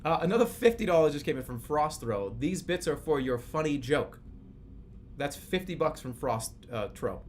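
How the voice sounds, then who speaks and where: A man in his thirties streaming live, chatting casually in a rambling, profane, animated way. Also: on the high side, normal speed, a little hiss or hum. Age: 30s.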